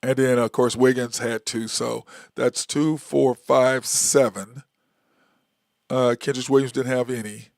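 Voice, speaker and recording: A man with a gravelly, fry-tinged voice talks his way through a sports opinion monologue as the show's host. He rambles, restarts and counts stats aloud in a loose, casual way. The sound is dry and close, with no room around it. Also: mid-range voice, steady tone, unhurried, a little mellow, no echo. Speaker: sports talk show host.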